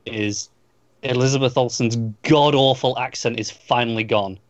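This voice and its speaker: A man's voice: medium pitch, normal speed, dull audio. A man co-hosting a casual film podcast, opinionated and emphatic in his takes. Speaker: podcast co-host. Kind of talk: casual film-discussion chat.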